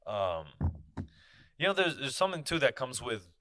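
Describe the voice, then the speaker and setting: A man's voice: mid-range voice, very animated, normal speed, sharp tone, no echo, clean studio sound. A man hosting his own podcast, talking in a candid casual monologue, swearing freely and peppering his talk with "you know". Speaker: podcast host. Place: podcast studio.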